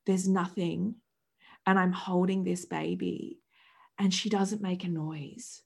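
A woman's voice: fairly low pitch, flat delivery, takes it slowly, vocal fry, slightly rough. A woman in her thirties, a podcast guest, telling her story in a vivid, dramatic way with swearing and acted-out quotes. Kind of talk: candid storytelling chat.

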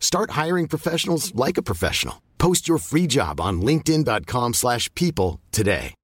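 A man's voice: medium pitch, sing-song, moderate pace, breathy edge, no room sound, clean studio sound. A man reading a polished scripted advert as an announcer.

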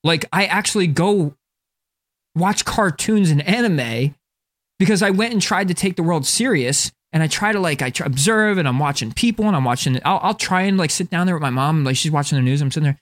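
Rambling podcast man, slightly high voice. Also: expressive, fairly quick. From northern New Jersey. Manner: rambling, full of "like" and restarts, swearing. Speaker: podcast co-host. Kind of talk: casual chat.

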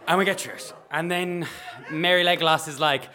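A man, a nurse, telling a story to an audience, animated and acting out the people in it. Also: fairly high pitch, quick pace. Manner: animated, acts out voices, bursts of shouting and laughter. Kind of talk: live storytelling.

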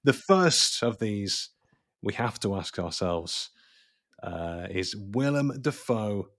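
A man's voice: lowish voice, sing-song, takes it slowly, fairly bright tone. A man hosting a film podcast in casual chat, full of crude joking banter. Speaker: podcast host.

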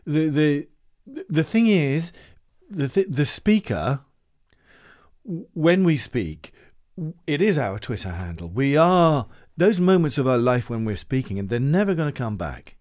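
A man's voice: a little high, very animated, unhurried, a little mellow. A man explaining ideas in a casual conversation as a voice coach, with frequent stammered restarts.

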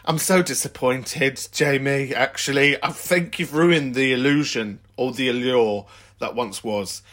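A man's voice: mid-range voice, unhurried, fairly bright tone. A man hosting a call-in podcast, chatting in a camp, teasing way and swearing freely. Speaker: podcast host. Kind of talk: casual chat.

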